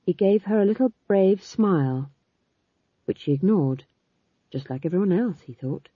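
Husky woman narrating an audiobook. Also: lowish voice, expressive, moderate pace, no room sound. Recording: slightly dull lo-fi recording.

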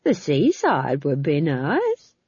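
A chatty, cheerful old witch who draws out her words, as a woman reading a storybook puts her on. The voice is husky and the recording dull. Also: low-pitched, wildly swooping pitch, slow pace, darkish tone, dry recording, full character voice.

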